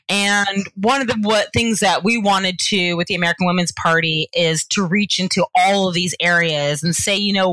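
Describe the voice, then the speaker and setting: A woman's voice: lowish voice, dry recording, low-quality recording. A woman from Georgia, a political party organizer, speaking earnestly and animatedly in an interview. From Georgia, US South. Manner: earnest, animated advocacy with quick asides. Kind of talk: interview conversation.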